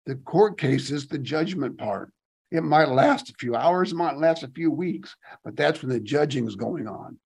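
A man's voice: a little high, expressive, normal speed, gravelly, husky. A man leading a Bible study, reading scripture aloud and commenting on it in casual asides, rising emphatically on key phrases. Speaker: Bible teacher.

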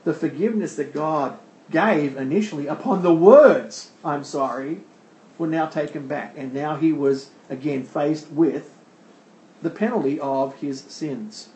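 Man, preacher, sermon, rhetorical questions, higher voice, echoey room. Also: unhurried, warm tone. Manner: asks rhetorical questions and answers them. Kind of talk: sermon explaining a scripture passage.

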